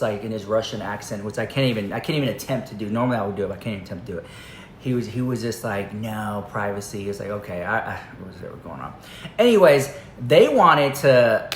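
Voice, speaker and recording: A man telling a rambling story to his camera in a casual, chatty way, full of fillers and asides. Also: mid-range voice. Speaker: commentary vlogger. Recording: echoey room, faint noise.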